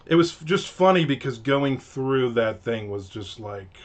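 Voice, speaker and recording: A man's voice: medium pitch, animated, measured pace. A man in his fifties chatting casually on a live stream, telling a rambling, joking story. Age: 50s. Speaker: author streaming a live writing session.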